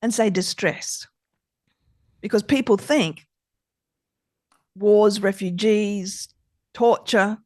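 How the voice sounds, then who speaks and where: A middle-aged woman therapist talking as a podcast guest, expressive and emphatic, repeating her key points. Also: medium pitch, takes it slowly, pauses often, no echo, clean studio sound. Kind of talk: conversational podcast interview.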